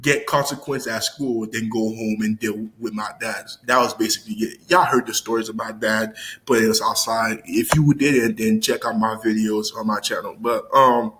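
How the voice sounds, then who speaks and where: A man's voice: moderate pace, rough recording. A young man telling a story from his school days to his viewers, rambling and full of fillers, slang and restarts, his voice jumping up when he acts out the scenes. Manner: animated, jumps high when acting out scenes. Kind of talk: casual storytime vlog.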